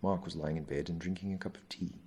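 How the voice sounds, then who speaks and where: A man reading a novel aloud in measured, even storytelling narration. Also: deep voice, husky. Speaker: audiobook narrator.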